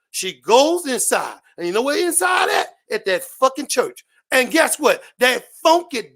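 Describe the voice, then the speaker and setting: Fiery, shouting man ranting hard. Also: high-pitched. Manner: shouting, preachy, repetitive, heavy swearing. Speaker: panel guest on a live stream. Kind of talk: impassioned profane political rant.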